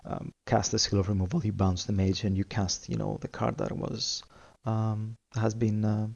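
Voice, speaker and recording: A man's voice: on the low side, little pitch movement, normal speed, vocal fry, darkish tone, highs cut off. A man talking as a podcast guest in a casual chat, hesitant and full of fillers.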